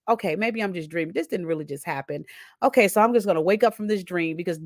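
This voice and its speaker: Animated woman telling a personal story. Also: medium pitch, quick pace, creaky, no room sound, clean studio sound. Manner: animated, acts out her own inner thoughts; frequently adds "right?" tags. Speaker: host.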